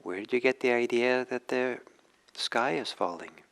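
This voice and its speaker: A man voicing a calm, wise male lion in a spoken teaching story, asking steady questions. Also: mid-range voice, moderate pace, creaky, pitched above the performer's own voice, rough recording.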